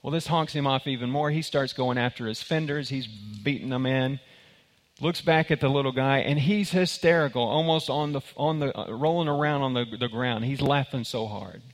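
A man's voice: mid-range voice, moderate pace. A man preaching to a congregation, pressing his points with emphasis. He restarts and repeats words as he goes, his voice sitting in a middle register. A long hall reverb trails behind each phrase. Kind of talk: sermon with a told joke.

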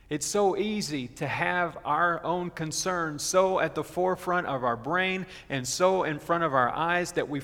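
A man preaching a sermon as pastor, earnest and slowing down to stress his key points. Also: fairly high pitch, a bit bright. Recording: long reverb of a large hall.

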